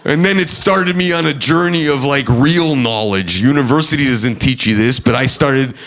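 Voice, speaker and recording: A young man doing a stand-up comedy set, neurotic and rambling, with loud outbursts when acting out angry people. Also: mid-range voice, moderate pace. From Canada. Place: comedy club stage.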